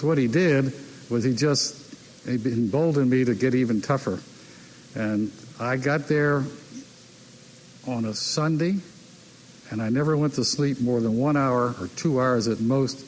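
A man's voice: medium pitch, measured pace, long pauses, a little mellow, slight background noise, rough recording. An older man telling anecdotes about buying sports teams, repeating key phrases and acting out the people he quotes. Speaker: team owner telling stories. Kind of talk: anecdotal speech.

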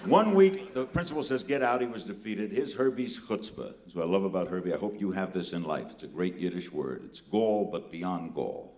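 An older New man tells a comic story to a live audience. His pitch swings widely as he delivers punchy lines and quick asides. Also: very animated, a little mellow, a little hiss or hum. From New York City.

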